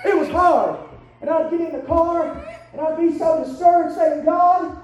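A man preaching a sermon in a church, shouting in rising, chanted cadences. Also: very high voice, little pitch movement, normal speed, lo-fi sound, some chatter behind, slight background noise. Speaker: pastor. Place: church sanctuary. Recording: roomy church sound from a distant mic.

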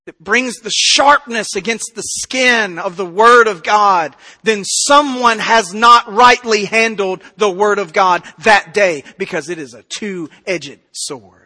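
A pastor preaching a sermon with passion, moving between loud emphasis and quiet intensity. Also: male voice, sits high, takes it slowly. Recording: reverberant hall.

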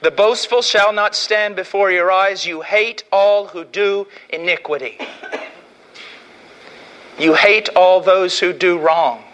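A male preacher from the United States delivers a fiery sermon in a high, bright voice. He swings between forceful outbursts and quiet, drawn-out warnings. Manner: impassioned, swinging from shouts to hushed tones.

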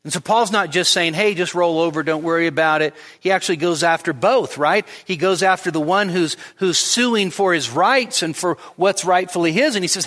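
High-voiced pastor preaching in reverb. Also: male voice, normal speed, few pauses, sharp tone. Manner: emphatic, rises sharply on quoted lines. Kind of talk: expository sermon. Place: church sanctuary. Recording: long church reverb.

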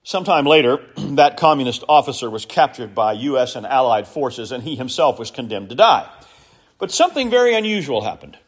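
A man preaching a sermon, speaking earnestly and telling stories in a measured way with emphatic rises. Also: mid-range voice, sing-song.

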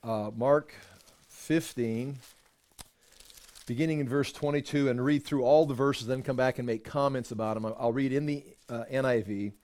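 A man's voice: mid-range voice, steady tone, moderate pace, a little mellow. A man teaching from the Bible, reading the passage aloud and stopping often to add plain explanations. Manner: reads aloud then adds plain asides. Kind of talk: scripture reading with commentary.

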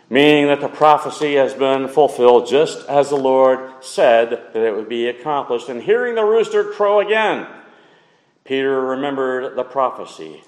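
A man preaching a sermon, emphatic and repetitive, with wide swings between loud and quiet. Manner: emphatic, repeats phrases, wide swings in pitch and loudness. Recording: echoey hall with long reverb.

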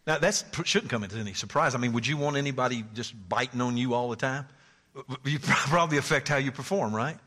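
A man preaching a sermon in a bright, forceful voice that rings out in a reverberant hall. He swings from loud, high exclamations to hushed, near-whispered asides and laughs often as he talks. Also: brisk. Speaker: pastor.

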